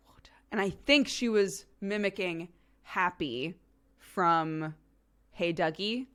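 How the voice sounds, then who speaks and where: A young woman streamer in casual chat, relaxed and giggly, rambling with lots of fillers. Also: sits low.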